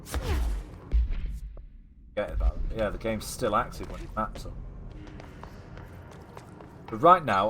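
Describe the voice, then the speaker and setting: A Mancunian man chatting through a game stream in a lowish, slightly tired voice. He rambles along easily with fillers, and a clear noise hum sits under his talk. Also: sing-song, a little slow, pauses often. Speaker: streamer playing a video game. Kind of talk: casual gameplay commentary.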